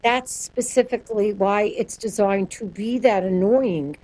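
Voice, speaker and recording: A woman speaking as a sonic branding guest in an interview, answering in a quick, animated way and laughing often. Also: medium pitch, poor audio.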